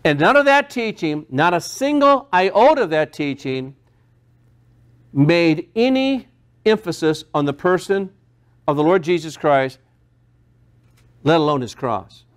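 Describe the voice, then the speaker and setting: High-voiced man preaching with passion. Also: animated, a little slow, long pauses, clear, resonant tone. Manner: impassioned preaching, repeating phrases with rising emphasis. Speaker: pastor. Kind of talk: sermon.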